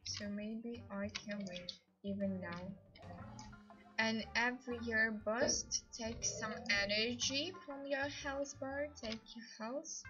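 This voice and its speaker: A woman hosting a live game stream, commenting excitedly as she plays, laughing often and speaking English as a second language. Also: fairly high pitch, measured pace, muffled recording, faint music behind. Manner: excitable, laughs often, non-native grammar.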